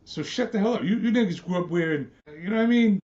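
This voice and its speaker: A man's voice: sits high, fast talker, a little mellow, muffled recording. Profane, scornful ranting man. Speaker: podcast host. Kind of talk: ranting monologue.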